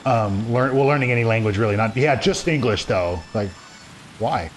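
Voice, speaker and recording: A man's voice: medium pitch, moderate pace, slight background noise. Rambling man chatting over gameplay. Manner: rambling, restarts, reads game text aloud. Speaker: let's play co-host. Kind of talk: casual gameplay chat.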